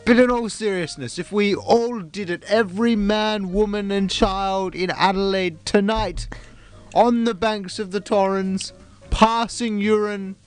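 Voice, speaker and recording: High-voiced, pompous co-host. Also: male voice, steady tone, a little slow, smooth. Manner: pompous, mock-serious. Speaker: radio co-host. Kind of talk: comedy radio banter.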